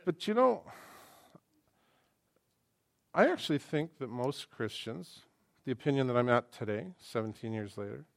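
A middle-aged male pastor preaching an animated sermon, acting out quoted voices and swinging between loud and hushed delivery. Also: medium pitch, vocal fry, dry recording, clean studio sound.

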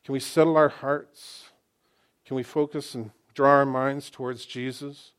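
A man's voice: mid-range voice, little pitch movement, a little slow, smooth. Emphatic older man preaching a sermon. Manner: emphatic, swings from loud exclamations to hushed asides; repeats phrases for emphasis. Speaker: pastor.

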